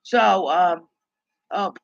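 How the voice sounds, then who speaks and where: A woman's voice: on the low side, drawn-out words, vocal fry, no room sound, highs cut off. A woman hosting a casual live stream, rambling and ranting as she retells conversations and repeats herself. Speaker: livestream host.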